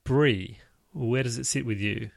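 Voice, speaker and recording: A man's voice: mid-range voice, measured pace, gravelly, no echo, studio quality. A man co-hosting a book club podcast in casual chat, with a wry, playful delivery. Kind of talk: casual chat with a comic rating scale.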